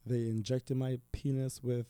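Young dude rambling thru a crude story, says like a lot, dead dry sound. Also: male voice, medium pitch, level tone, unhurried, warm tone, smooth, no room sound. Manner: profane, rambling storyteller, heavy use of filler "like". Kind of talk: casual chat.

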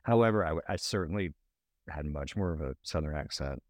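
Very deep-voiced man from Alabama, halting and reflective director, dry close mic. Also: animated, no echo. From Birmingham, Alabama. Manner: thoughtful, halting, restarts often. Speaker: documentary director. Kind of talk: casual interview talk.

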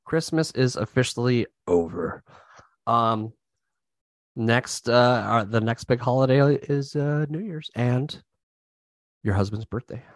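A man's voice: mid-range voice, takes it slowly, long pauses, dry recording, clean studio sound. A man co-hosting a podcast, chatting casually about movies he watched. He rambles with lots of restarts and fillers. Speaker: podcast co-host. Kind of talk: casual movie review chat.

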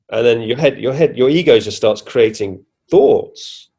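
Guy on a podcast, husky rough voice, animated storytelling with lots of restarts. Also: medium pitch, moderate pace, hardly any pauses. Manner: animated retelling, acting out his own reactions, frequent restarts. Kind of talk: casual first-person storytelling.

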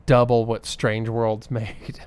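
A man's voice: lowish voice, monotone, takes it slowly, a little mellow, clear, resonant tone, no room sound. A man co-hosting a casual podcast, running through figures with plenty of ums and uhs. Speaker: podcast co-host reading box office numbers. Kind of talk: casual chat.

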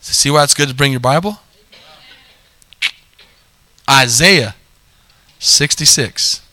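A man preaching a sermon as pastor, reading scripture slowly and asking the congregation questions he answers himself. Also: mid-range voice, sharp tone, no echo. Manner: call-and-response preaching, drawn-out scripture reading.

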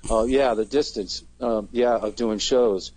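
A man's voice: mid-range voice, a little slow, a little mellow, no room sound, rough recording. A man, a touring band's singer, chatting casually in an interview and rambling with many fillers and restarts. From Canada.

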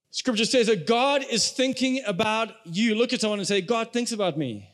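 A man's voice: high voice, lively intonation, moderate pace, few pauses, fairly bright tone. A young adult man, a pastor, preaching a sermon in a conversational way and speaking straight to the congregation.

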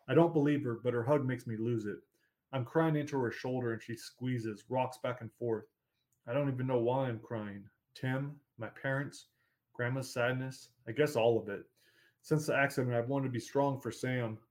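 An audiobook narrator, male, tells a first-person story at medium pitch in a measured, steady reading voice.

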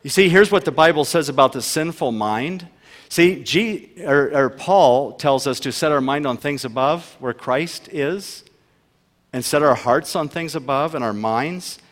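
A man preaching a sermon as pastor, emphatic, asking rhetorical questions and swinging between loud and soft delivery. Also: on the high side, animated, unhurried. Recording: long reverb of a large hall.

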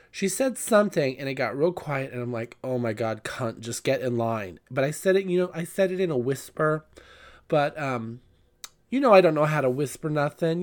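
A Southern California man hosts his own podcast, spinning a chatty, gossipy story in a casual monologue. He swears freely amid plenty of fillers, and his voice is a little high and slightly mellow.

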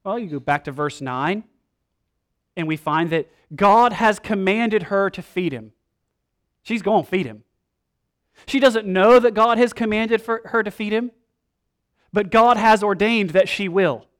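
A man preaching a sermon, retelling the scripture story in casual modern slang with lively emphasis. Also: sits high, a little slow, pauses often. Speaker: pastor.

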